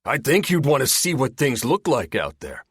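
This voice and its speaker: A man's voice: medium pitch, wildly swooping pitch, normal speed, fairly bright tone, husky, dry recording, voice pushed up, heavily acted. A curious young soldier, voiced by an audiobook narrator. He asks in a lifted tone. Close, dry recording. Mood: questioning.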